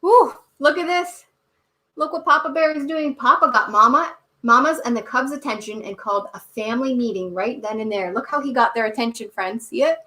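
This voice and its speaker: Leading kids through yoga poses and reading them a story, a woman sounds encouraging and cheerful. Her slightly high voice has a sharp tone and a fairly quick pace, captured indoors by a distant camera mic in an echoey room.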